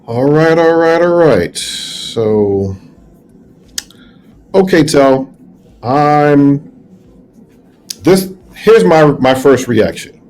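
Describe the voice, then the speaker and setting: A middle-aged man co-hosting a reaction talk, casual and halting, often restarting and repeating words. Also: on the high side, animated, a little mellow. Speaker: co-host. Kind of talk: reaction commentary.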